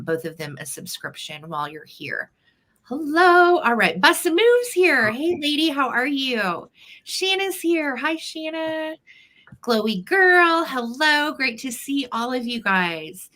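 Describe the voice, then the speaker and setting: A woman's voice: medium pitch, pushed and bright. A woman hosting a casual live sale stream from home, chatting and greeting viewers one by one. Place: upstairs at home.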